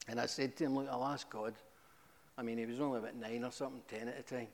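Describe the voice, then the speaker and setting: A middle-aged man giving a humorous, animated testimony to a church, with sudden high exclamations. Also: fast, a little hiss or hum. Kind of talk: storytelling testimony. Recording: echoey hall.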